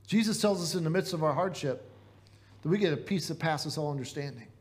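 A man's voice: on the high side, fairly quick, darkish tone. A man with a Midwestern American accent preaching a sermon in a church, earnest and conversational, asking the congregation rhetorical questions. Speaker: pastor.

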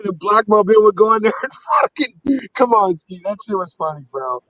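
A man's voice: high voice, animated, moderate pace, no echo, lo-fi sound. A man in casual, profane banter on a livestream call, rambling with stammering restarts.

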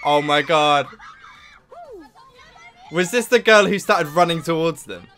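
A man's voice: fairly high pitch, a little slow, shouting, faint music behind. A young man hosting a reaction video in casual, rambling chat, gasping "oh my god" and filling gaps with "like". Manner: excitable, rambling, full of "like" and "oh my god".

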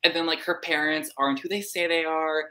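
A woman with a low but bright, sharp-edged voice hosts a live book club discussion. She tells the story bluntly and swears freely, putting on mock voices as she goes. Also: a little fast. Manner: blunt, profane, animated retelling with mock voices.

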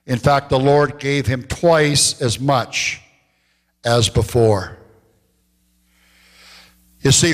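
This preacher narrates stories during his sermon in a church sanctuary, lifting his pitch when quoting others and easing his pace to emphasize important phrases. Long reverb from the church hall fills the recording.

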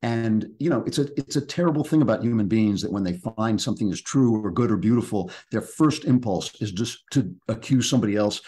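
A man appears as an author guest in a podcast interview, speaking reflectively and with emphasis, often restarting his sentences. His voice is on the low side and mellow, brisk, with hardly any pauses.

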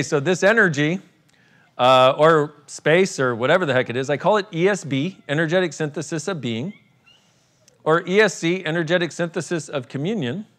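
A man's voice: a little high, fairly bright tone. A man leading a live workshop for an audience, irreverent and playful, joking, swearing and laughing as he talks. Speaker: workshop facilitator.

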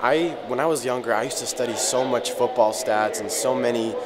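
A man vlogging with a handheld camera as he walks a museum hall, gushing with excitement. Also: medium pitch, brisk, over a noisy crowd. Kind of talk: casual vlog commentary. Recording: noisy background.

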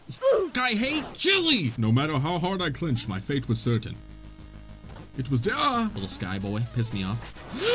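Excitable young man swearing through a boss fight. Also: medium pitch. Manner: excitable, profane, jokey trash talk. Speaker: gaming video host. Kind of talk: casual gameplay commentary.

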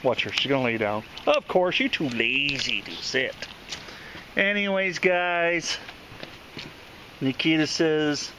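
Animated high-voiced man chatting on a dog walk. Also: slow, pauses often, slight background noise. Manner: playful, coos and calls to his dog in a high voice. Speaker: dog owner vlogger. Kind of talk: casual vlog chat on a dog walk. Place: outdoors on a walk.

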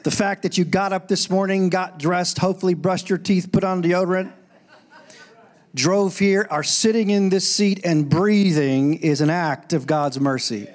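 A middle-aged man preaching a sermon in a church, animated, breaking into loud calls when he quotes. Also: high-pitched, normal speed. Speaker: pastor. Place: church sanctuary.

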